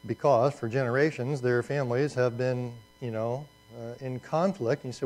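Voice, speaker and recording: A man's voice: medium pitch, fairly even intonation, moderate pace, a little mellow, low-quality recording. A man teaching a Bible class in a conversational way, asking rhetorical questions and adding asides.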